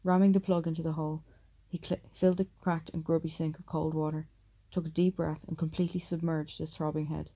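A woman reads an audiobook at a measured, steady pace. Her voice is very dark and gravelly, and she sits low with a flat, even delivery. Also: muffled recording. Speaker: audiobook narrator. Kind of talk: audiobook narration.

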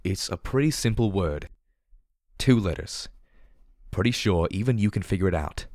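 A man's voice: low-pitched, expressive, moderate pace, a little mellow, no room sound, clean studio sound. A man voicing an earnest, anguished male pony companion who speaks in a strained, pleading way. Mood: firm. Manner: strained, pleading then firm.

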